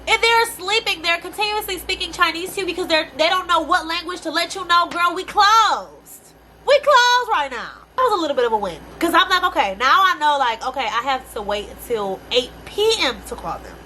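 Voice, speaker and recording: Bright-voiced exasperated young woman vlogger. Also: high voice, a little hiss or hum. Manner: animated, exasperated, profane slang. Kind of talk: casual storytime rant.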